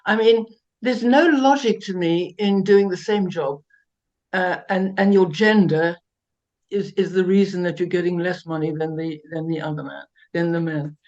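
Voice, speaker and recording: An older woman from South Africa, a guest telling lively, self-mocking stories with laughs and many restarts. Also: fairly low pitch, normal speed, lo-fi sound. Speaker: interview guest. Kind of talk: anecdotal storytelling interview.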